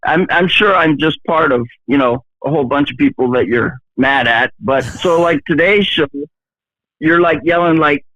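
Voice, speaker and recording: A man's voice: fairly high pitch, a bit bright, no room sound. Hesitant middle-aged male caller on a tinny phone line. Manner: halting, full of restarts, self-deprecating.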